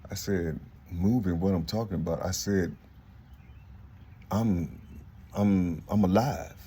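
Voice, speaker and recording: Low-voiced man rambling to his viewers. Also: slow pace, mellow, husky. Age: 50s. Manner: rambling, repeats "you see", many fillers and restarts. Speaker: vlogger. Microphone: phone.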